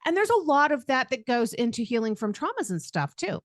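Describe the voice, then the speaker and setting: Female podcast host, higher voice, supportive, dry close sound. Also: big pitch swings, fairly quick, no echo. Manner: supportive, encouraging. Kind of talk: interview conversation.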